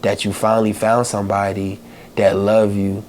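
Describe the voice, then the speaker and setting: A man with a fairly low voice tells a heartfelt personal story on his podcast. He speaks haltingly, filling his pauses with little fillers and pushing through his emotion. A faint hiss sits under the voice. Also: flat delivery, a little mellow. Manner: emotional, holding back tears. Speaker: podcast host.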